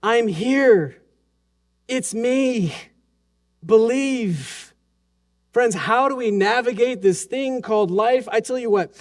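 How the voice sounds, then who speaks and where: Earnest high-voiced pastor preaching slowly. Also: male voice. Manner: earnest, swings from hushed and soft to raised and urgent. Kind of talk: sermon. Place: church sanctuary during a Sunday service.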